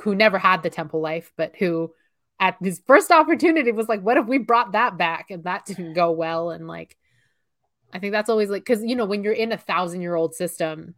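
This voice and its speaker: A woman co-hosting a casual fan chat, thoughtful and rambling, with many fillers. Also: lowish voice. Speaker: podcast co-host.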